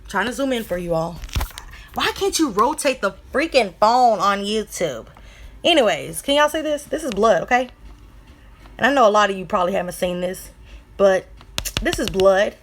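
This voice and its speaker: A woman's voice: medium pitch, expressive, moderate pace, slight background noise. A woman talking casually to her viewers, blunt and irritated, swearing freely as she points things out. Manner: talks straight to viewers as y'all. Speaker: vlogger. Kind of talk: casual commentary to camera.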